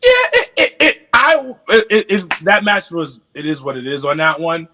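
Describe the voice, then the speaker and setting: A man from New York with a New York accent, a podcast guest in casual chat, animated and stammering through restarts. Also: fairly high pitch, normal speed.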